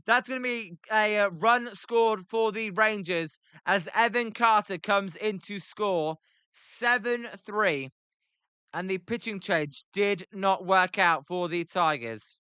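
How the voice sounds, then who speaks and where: British man, young, rambling live commentary, bright tone, dry close sound. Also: high voice, slow, clear, resonant tone, no echo. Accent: British English. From Britain. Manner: rambling, many ums, reads chat aloud. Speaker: livestream commentator. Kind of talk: casual play-by-play with chat reactions.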